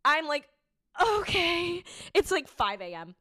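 A young woman co-hosting a podcast, telling a story in a lively, casual chat, laughing and swearing freely. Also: on the high side, brisk, no echo, studio quality. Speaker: podcast co-host.

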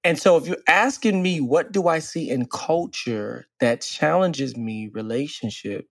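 Earnest man coaching in slow phrases. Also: on the high side, lively intonation, creaky, no room sound, studio quality. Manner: earnest, reflective, drawls key phrases slowly. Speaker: podcast co-host and relationship coach. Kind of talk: casual podcast conversation.

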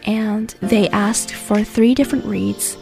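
Gravelly-voiced woman teaching English. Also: medium pitch, steady tone, music in the background. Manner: gentle, explanatory, speaks slowly. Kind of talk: casual lesson talk. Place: based in the US.

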